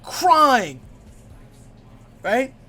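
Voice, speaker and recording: A young man live-streaming, telling a story in a rambling, profane, excitable way at his desk mic. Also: extremely high pitch, drawn-out words.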